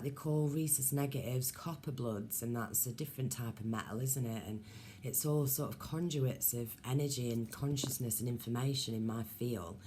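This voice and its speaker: A woman talks straight to her viewers in a loose, wandering vlog, piling up ums and side thoughts. Her voice sits strikingly low, with a dark, mellow tone. A faint hiss of noise runs under her voice. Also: moderate pace. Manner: musing, meandering, many ums and asides. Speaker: vlogger. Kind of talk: rambling casual monologue to viewers.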